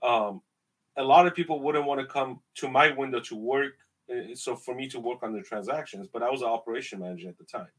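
Brief: Iranian-accented male guest, mid-pitch, breathy, emphatic storyteller. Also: brisk, low-quality recording. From Iran. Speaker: podcast guest. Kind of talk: casual conversation.

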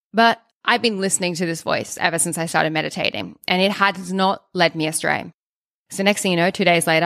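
A woman, a podcast co-host telling her story in an animated, fast way with many restarts. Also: lowish voice, gravelly, dry recording, clean studio sound.

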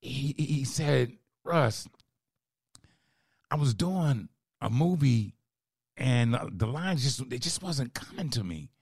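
A man's voice: medium pitch, expressive, takes it slowly, vocal fry, pauses often, a little mellow, breathy edge, no room sound, clean studio sound. A man hosting a casual interview, telling stories in a reflective, emphatic way about directing. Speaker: host, writer and director.

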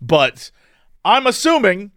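A man with a high, lively voice tells a story in a casual chat. He laughs often and acts out each person in it. The sound is dry and close. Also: takes it slowly, no echo. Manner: animated, laughing, acting out the people in his story.

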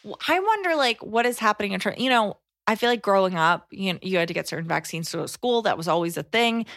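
A woman in her thirties co-hosts a podcast, chatting and reading listener letters aloud. She sounds animated and exasperated, and her voice is recorded dry and close. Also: mid-range voice, fast talker, dry recording. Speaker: podcast co-host.

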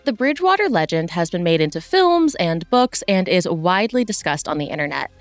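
A woman's voice: on the low side, very animated, brisk, no room sound, soft background music. A young woman co-hosting a podcast in casual chat, skeptical, with dry asides and frequent laughter. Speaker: podcast co-host.

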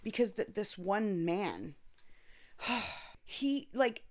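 A woman, a former NICU mom, telling stories in a lively, expressive casual chat. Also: mid-range voice, extremely slow. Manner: animated, expressive storyteller. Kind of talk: casual storytelling.

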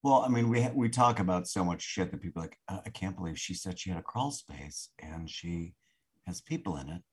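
A podcast co-host with a husky, slightly rough voice trades dry, deadpan asides in casual comedic chat. The pitch moves around a lot as they talk. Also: fairly quick.

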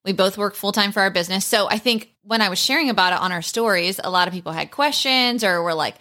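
A podcast host in her thirties has a medium-pitched voice that's bright and sharp in tone. She keeps things upbeat, lighthearted and quick, as if chatting casually with friends.

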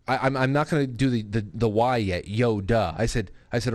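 A man in his thirties hosting a casual live show, reading viewer comments aloud in an animated way. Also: a little fast, few pauses, dry recording. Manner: animated, puts on a high child's voice when quoting his daughter. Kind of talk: casual live-stream chat.

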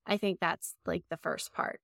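A woman's voice: fairly low pitch, fairly even intonation, normal speed, vocal fry, fairly bright tone, dry recording, clean studio sound. Earnest woman giving coaching advice. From Ohio. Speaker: guest, coach. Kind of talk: conversational interview advice.

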